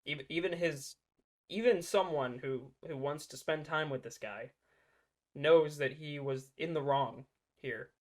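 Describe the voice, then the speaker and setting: A man's voice: a little high, measured pace. Sarcastic man mocking reaction clips. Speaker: political commentary host. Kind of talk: reaction commentary.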